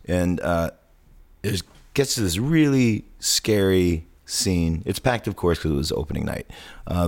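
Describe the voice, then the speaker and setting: A man on a podcast, telling stories in casual chat and acting out the people he quotes. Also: low-pitched. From Kansas City area. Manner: animated, acts out quotes loudly. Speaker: podcast guest.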